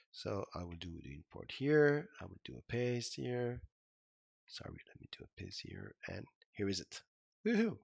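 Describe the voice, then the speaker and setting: A man's voice: on the low side, creaky, breathy edge, no echo. A man giving an informal coding tutorial, thinking aloud with many fillers and restarts. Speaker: instructor. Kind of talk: screen-recorded coding tutorial.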